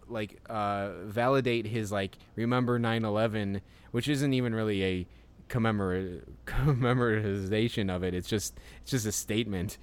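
A man co-hosting a casual podcast, rambling in halting bursts, swearing freely and laughing often. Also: mid-range voice, clear, resonant tone. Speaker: podcast co-host. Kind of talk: casual chat.

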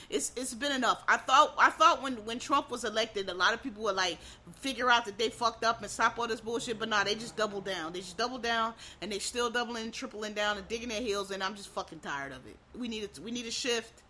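A woman delivers a heated monologue with a bright, sharp edge to her voice that sits a little high. She swears freely, trips over quick restarts, and keeps pushing up into loud, exasperated bursts. Her talk is blunt and unfiltered throughout. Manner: frequent restarts and stammered repeats. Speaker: vlogger. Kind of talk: profane ranting monologue.

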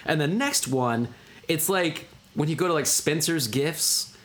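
A man's voice: fairly high pitch, a little slow. A man co-hosting a podcast, chatting casually and rambling, often acting out quoted lines from a movie. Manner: rambling, animated, acts out quoted voices. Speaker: podcast co-host. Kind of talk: casual chat.

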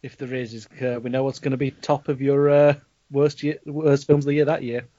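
A man's voice: medium pitch, flat delivery, a little fast, mellow, no echo, dull audio. A man with a Black Country accent, co-hosting a casual film review podcast, swearing and laughing through a rant. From Black Country, England. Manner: sweary, ranting, laughing often. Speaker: podcast co-host.

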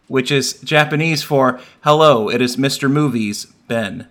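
A man co-hosting a casual podcast chat, goofy and quick to make fun of himself. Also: medium pitch, a bit bright. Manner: goofy, self-mocking. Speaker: podcast co-host.

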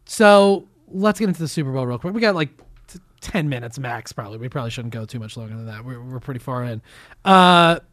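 A man's voice: medium pitch, expressive, brisk, fairly bright tone, no room sound, studio quality. A man hosting a podcast in casual chat, steering the topics and swearing now and then. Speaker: podcast host.

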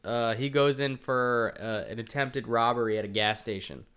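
A man's voice: mid-range voice, moderate pace, a bit bright, clean tone. A young man co-hosting a podcast, casually recapping a TV episode and laughing often. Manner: laughs often, loose and chatty. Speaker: podcast co-host.

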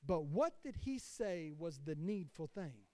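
A man's voice: fairly high pitch, sing-song, a little slow, darkish tone, dry recording. A male pastor preaching a sermon with passion, calling out questions to the congregation. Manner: impassioned preaching with call-and-response.

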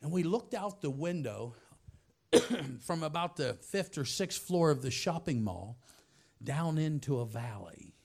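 A man preaching through a personal story, swinging from hushed softness to loud shouting. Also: fairly high pitch, lively intonation, a little slow, gravelly. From United States. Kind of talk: storytelling sermon.

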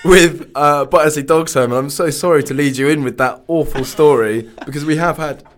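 A man's voice: on the high side, a little fast, a little hiss or hum. A man hosting a radio show, chatting casually and rambling with lots of fillers.

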